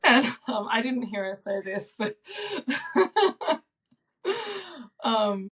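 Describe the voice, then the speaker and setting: A woman in her thirties, a podcast guest telling a personal story in a soft, reflective way with frequent ums and likes. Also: mid-range voice, steady tone, measured pace. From Australia.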